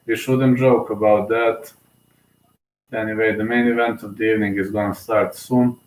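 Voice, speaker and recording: A man's voice: fairly low pitch, little pitch movement, unhurried, long pauses, roomy sound, poor audio. A young man, giving casual solo live commentary on a fight, emotional and rambling, full of fillers and restarts, sleepy.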